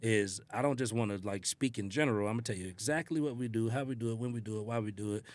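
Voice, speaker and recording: A man on a podcast, a sales trainer talking in a casual, animated way and acting out quotes. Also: lowish voice, fast. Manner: animated storytelling, acts out quotes.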